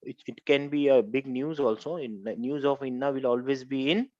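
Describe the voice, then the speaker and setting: A man's voice: mid-range voice, fairly even intonation, normal speed, a little mellow, dry recording, lo-fi sound. A man teaching Arabic grammar in a class, repeating each point and quizzing students step by step. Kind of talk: classroom lecture.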